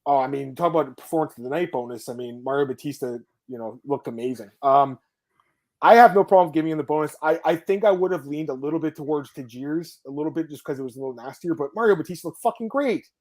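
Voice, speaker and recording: A man hosts a sports podcast at a quick clip, his voice sitting a little high. He is excitable and casual, swearing now and then and reacting to viewer comments as he chats. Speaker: podcast host.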